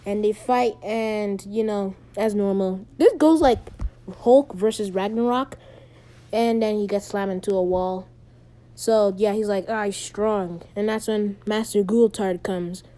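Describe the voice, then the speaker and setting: A woman casually retelling a fan-made story, rambling and halting with many ums and restarts. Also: medium pitch, steady tone, warm tone.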